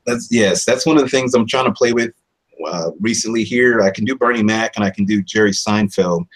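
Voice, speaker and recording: A voice-over artist and actor chats casually in an interview about his characters, animated and slipping into their voices. His voice is fairly low and fairly quick, and the recording is rough.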